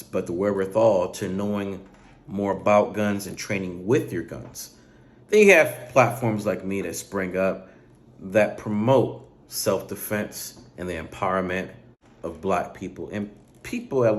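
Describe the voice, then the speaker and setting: A middle-aged man hosting a gun channel, doing casual reaction commentary and talking straight to the viewer. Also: fairly low pitch. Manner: animated, talks straight to the viewer.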